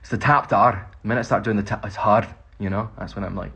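A man's voice: fairly low pitch, fairly even intonation, fast, a bit bright, slightly rough. A Scottish man, an actor, rambling cheerfully through fan questions in a casual phone livestream. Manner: chatty, rambling, laughs often.

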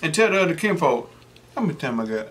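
A man's voice: fairly high pitch, big pitch swings, quick pace, a bit bright, a little hiss or hum. A middle-aged man hosting an eating show, chatting casually between bites and wandering off into joking stories. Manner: rambling, joking storyteller. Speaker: mukbang host. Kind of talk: casual chat while eating.

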